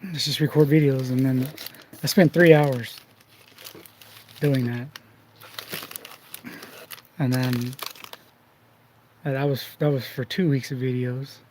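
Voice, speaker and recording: A man's voice: mid-range voice, steady tone, slow, long pauses, a little mellow, a little hiss or hum, low-quality recording. A man hosting a card collecting channel, chatting casually behind the scenes and telling rambling anecdotes full of restarts.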